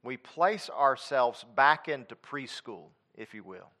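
A man preaching a sermon with emphatic, repetitive phrasing, dropping into quiet conversational asides. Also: medium pitch, lively intonation, slow pace.

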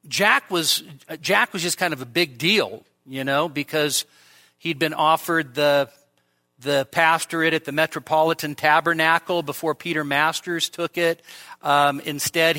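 Bright-voiced emphatic male preacher. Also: a little high. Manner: earnest, emphatic, repeats phrases for stress. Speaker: pastor. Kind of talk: expository sermon. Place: church.

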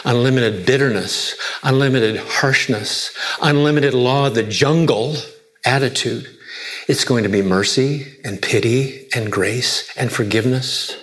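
A man preaching a sermon, emphatic, asking rhetorical questions and swinging between soft low lines and raised high ones. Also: unhurried. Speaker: pastor.

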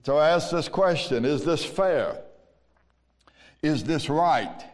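A Southern American man preaching from the pulpit in a slow, deliberate cadence, his voice sitting a little high. His words ring out with the long reverb of a big church sanctuary. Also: expressive. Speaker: pastor. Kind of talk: sermon. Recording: long reverb of a large hall.

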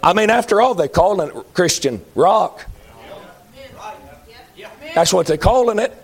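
A man's voice: high voice, animated, unhurried. A man preaching a sermon in an emphatic, folksy way, repeating lines for effect.

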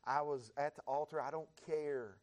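An American man preaching a sermon in a church, building his repeated phrases up into fervent shouts while the congregation answers with amens. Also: on the high side, normal speed. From United States. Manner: rising to fervent shouts, repetitive rhythmic phrasing.

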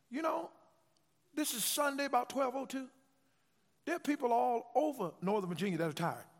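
A man's voice: sits high, vocal fry. A male pastor preaching a sermon, urging the congregation to repeat after him in emphatic, repetitive call-and-response phrases. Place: church sanctuary. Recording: long reverb of a church hall.

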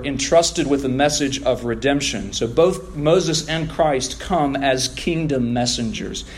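Man preaching an emphatic sermon. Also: a little high. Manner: preaching with emphatic rising stresses. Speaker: pastor.

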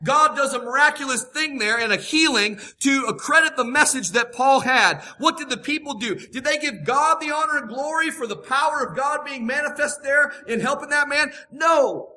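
A man's voice: very high-pitched, normal speed, hardly any pauses, bright, forceful tone. A man preaching a sermon, emphatic and repeating his key phrases for weight.

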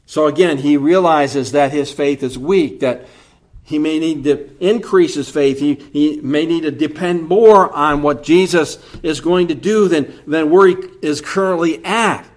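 A man preaching an earnest expository sermon, slow and deliberate. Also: a little high.

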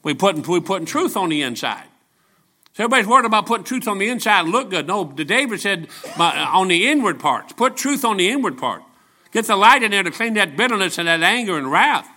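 A seventy-year-old man preaching with a bright, forceful voice pitched a little high. He tells folksy stories and jokes, pressing his points with emphatic repetition. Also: sing-song, fast talker. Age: 70s. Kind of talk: storytelling sermon.

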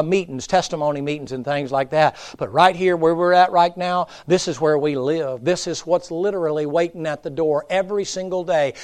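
A man preaching a revival sermon in a church, dropping to a hush and then climbing back up to loud emphasis. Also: a little high. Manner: folksy preaching, swings from hushed to loud. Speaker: pastor.

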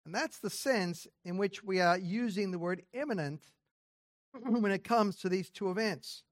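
Conversational man preaching a sermon. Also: high-pitched. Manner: conversational teaching with asides and quick laughs. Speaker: pastor. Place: church building during a service.

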